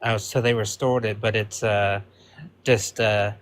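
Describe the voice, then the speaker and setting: Male guest caller, relaxed and sympathetic, casual with fillers. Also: fairly low pitch, unhurried. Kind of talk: casual call-in chat.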